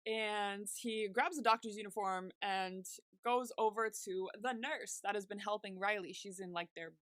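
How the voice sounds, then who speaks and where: Woman podcast co-host, bright voice, dry close mic, animated retelling with laughs. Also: medium pitch, normal speed, no room sound. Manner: animated retelling, acting out characters' lines; frequent laughter. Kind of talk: casual recap chat.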